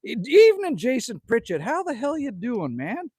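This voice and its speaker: A man's voice: very high voice, wildly swooping pitch, normal speed, darkish tone, slightly rough, no echo. A middle-aged man from Canada hosting a casual live stream outdoors at his rural cabin, ranting, joking and greeting viewers by name. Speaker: livestream host.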